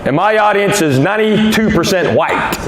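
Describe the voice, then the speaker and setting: A man's voice: sits high, animated, moderate pace, a little hiss or hum. A man, doing a stand-up routine with dry, teasing crowd work. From East Tennessee, US. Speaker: stand-up comedian. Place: large comedy venue, on stage. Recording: roomy live hall with loud crowd laughter.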